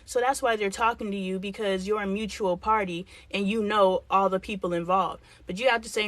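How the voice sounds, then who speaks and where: A woman's voice: mid-range voice, fairly even intonation, fairly quick, hardly any pauses, fairly bright tone, dry recording. A middle-aged woman hosting a live talk stream, giving blunt, frank advice with mild swearing and acting out the lines of dialogue she quotes. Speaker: host.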